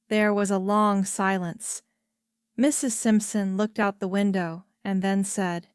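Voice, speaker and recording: A woman reads a simple scripted story for language learners slowly, carefully, and at an even pace. Her medium-pitched voice is clear and crisp, recorded close and dry with no echo.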